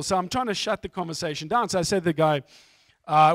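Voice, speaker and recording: A man's voice: sits high, a little fast, fairly bright tone, no room sound, studio quality. A middle-aged man from South Africa with a South African accent, giving a candid, self-mocking testimony talk as a guest speaker.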